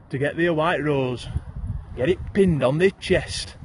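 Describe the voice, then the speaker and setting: A man's voice: fairly high pitch, unhurried, background noise. A man with a broad Yorkshire accent reciting comic rhyming verse, addressing the listener as thee. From Yorkshire, England.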